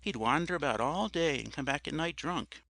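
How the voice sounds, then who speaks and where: A man's voice: on the high side, animated, moderate pace, creaky, pushed and bright, dry recording. A man reading a story as an audiobook narrator, telling it expressively and often addressing the listener as sir.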